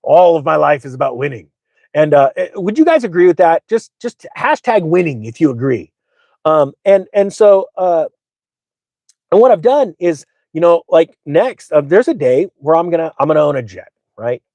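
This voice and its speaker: A man's voice: a little high, very animated, normal speed, mellow, no room sound. A middle-aged man hosting a finance channel, telling a rambling, boastful story with lots of fillers. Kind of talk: casual storytelling monologue.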